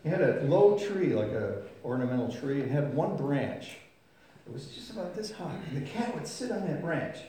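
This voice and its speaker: A man's voice: on the high side, big pitch swings, moderate pace, dark tone. A man preaching a sermon in a folksy, storytelling way, acting out voices and sounds. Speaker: pastor. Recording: very echoey room.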